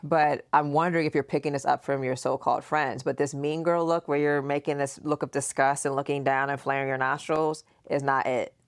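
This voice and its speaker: A woman's voice: rumbling low, brisk, hardly any pauses. A woman in her forties hosting a podcast, chatting casually and teasingly with her daughter and acting out quotes. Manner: animated, teasing, acts out quotes. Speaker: podcast host, mother. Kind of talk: casual chat.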